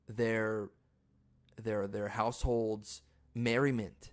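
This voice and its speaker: A man hosting his own podcast, chatting casually and excitably, laughing often and acting out quotes in high voices. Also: slow pace, pauses often. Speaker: podcast host. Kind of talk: casual solo podcast talk.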